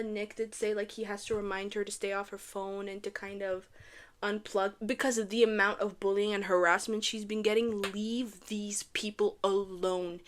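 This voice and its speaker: A young woman from Canada recapping a reality dating show in a casual, animated way, gushing and repeating lines for effect. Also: medium pitch.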